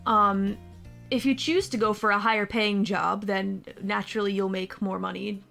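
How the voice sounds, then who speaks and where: A woman's voice: mid-range voice, steady tone, moderate pace, gravelly, pushed and bright, soft background music. A woman voicing a polite, persuasive woman who runs a hidden base and talks like a salesperson.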